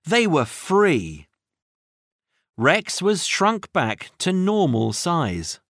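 Slow, expressive storybook narrator. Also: mid-range voice, no echo, studio quality. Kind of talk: children's audiobook reading.

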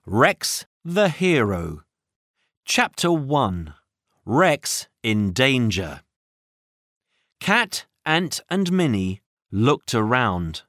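A storybook narrator who reads very slowly and with great expression, the pitch rising and falling widely. The voice is recorded close, with no room sound at all. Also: big pitch swings, a bit bright, no echo. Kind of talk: children's audiobook reading.

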